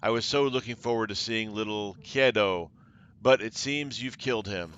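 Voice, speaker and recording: A man's voice: fairly low pitch, moderate pace, pushed and bright, highs cut off, a little hiss or hum. A man voicing a cruel, taunting female cult leader while reading game dialogue aloud, with mocking theatrical delivery.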